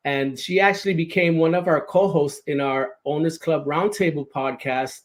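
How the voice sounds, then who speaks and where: A man's voice: on the high side, normal speed. A man hosting a podcast interview in a casual, enthusiastic way, often checking in with "right?". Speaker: podcast host.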